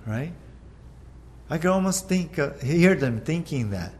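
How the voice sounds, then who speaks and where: A man preaching a sermon, telling the story with energy and acting out the disciples' frantic shouts. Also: medium pitch, unhurried, slight background noise. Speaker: pastor.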